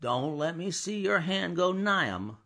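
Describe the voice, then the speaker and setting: Brief: gruff, wary male coach guard, shouted threats, voiced by a male audiobook reader, raspy grain. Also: high-pitched, big pitch swings, measured pace, voice pushed up, exaggerated voice. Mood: threatening. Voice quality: gruff, loud, blustering.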